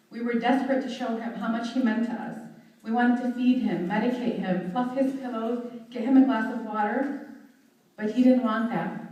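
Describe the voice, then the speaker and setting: A young woman delivering a heartfelt, measured eulogy at a memorial service, recorded from a distance in a large hall. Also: on the high side, a little mellow. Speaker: daughter giving a eulogy. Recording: very echoey hall, voice from far off.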